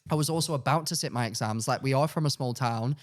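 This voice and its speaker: A young man, a podcast co-host telling a personal story in a casual, animated way, acting out his own past lines. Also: fast. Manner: animated, acts out his past self with sudden high-pitched outbursts.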